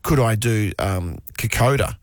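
A man's voice: lowish voice, no room sound, clean studio sound. Easygoing Australian man. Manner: easygoing, agreeable, quick affirmations. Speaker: co-host. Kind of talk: casual chat.

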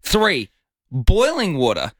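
A man's voice: a little high, huge pitch swings, takes it slowly, no echo. A man co-hosting a breakfast radio show, playful and teasing, given to mock indignation. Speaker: radio co-host. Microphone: studio microphone.

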